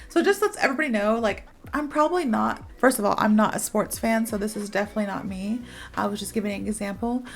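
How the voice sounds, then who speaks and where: A young woman teaching English in a chatty, upbeat way with playful asides. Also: a little high. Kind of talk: casual online English lesson.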